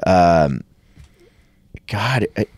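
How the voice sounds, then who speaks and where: A man's voice: sits low, very slow, dry recording. A man, a comedian guest, telling a story in casual chat and acting out the voices of the people in it. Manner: animated, acts out quoted voices.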